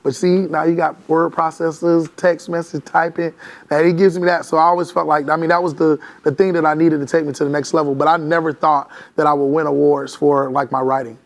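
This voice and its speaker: Hyped up guy from florida, kinda high voice with gravel in it, talking travel on a podcast. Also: level tone, a little fast. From Orlando, Florida. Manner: enthusiastic, says "come on" a lot. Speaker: guest, travel creator. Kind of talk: casual interview chat.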